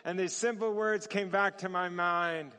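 A man preaching with a high, bright, forceful voice. He tells his sermon as a story, chuckles often and acts out the voices in it, while a long reverb from the hall trails behind him. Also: a little slow, smooth. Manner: lively, chuckles often, acts out quoted dialogue.

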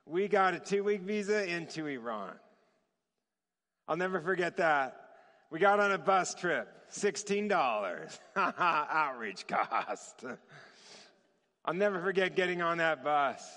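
A man preaching a sermon as a story, lively and chuckling often, acting out the voices in his story. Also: sits high, in a large hall. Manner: lively, chuckles often, acts out quoted dialogue.

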